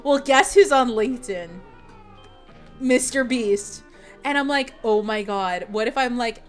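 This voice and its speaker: A woman's voice: fairly high pitch, a little slow, soft background music. A young woman streamer chatting casually with her viewers, rambling with lots of fillers and giggles. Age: young adult.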